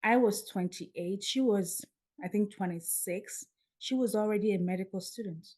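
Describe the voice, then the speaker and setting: A woman's voice: medium pitch, normal speed. A middle-aged woman, a podcast guest telling a personal story and acting out the dialogue in it. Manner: animated, acts out dialogue. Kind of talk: storytelling in an interview.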